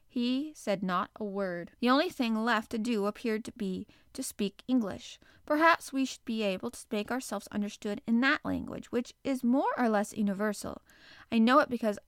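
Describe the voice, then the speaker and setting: A woman narrating a classic adventure novel in a clear, measured reading voice. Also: medium pitch, dry recording, clean studio sound. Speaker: audiobook narrator. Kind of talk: scripted narration.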